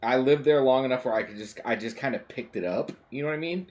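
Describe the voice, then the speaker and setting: A man's voice: mid-range voice, fast, darkish tone. A man streaming a game, chatting casually and rambling, with lots of swearing, fillers and restarts. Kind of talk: casual chat while gaming.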